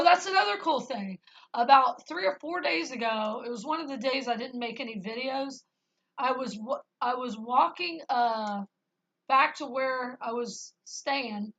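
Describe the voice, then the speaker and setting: A woman's voice: on the high side, fairly bright tone, poor audio. A woman talking to her camera and sharing her spiritual experiences in an earnest, rambling way, with many fillers. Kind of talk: casual spoken testimony.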